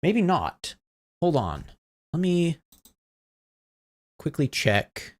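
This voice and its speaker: A man's voice: fairly high pitch, sing-song, very slow. A man streaming a game, chatting casually and rambling while troubleshooting his audio. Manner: rambling, troubleshooting audio with chat, laughs often. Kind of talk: casual live-stream chat.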